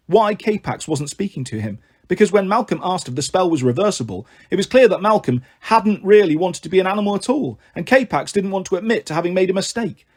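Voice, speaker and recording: Husky, animated male storyteller. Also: high voice. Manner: expressive, animated narration. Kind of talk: reading a children's book aloud.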